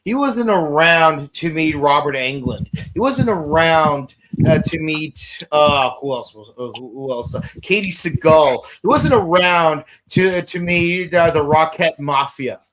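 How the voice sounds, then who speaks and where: A man's voice: on the high side, unhurried, fairly bright tone, a little hiss or hum, rough recording. A man co-hosting a casual podcast, chatty and rambling through lists with fillers. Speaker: podcast co-host.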